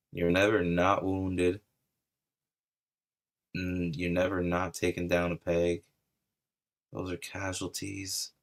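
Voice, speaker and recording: A man's voice: sits low, gravelly. A man ranting casually in a taunting, mocking way about an online feud. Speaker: stream commentator. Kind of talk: casual rant.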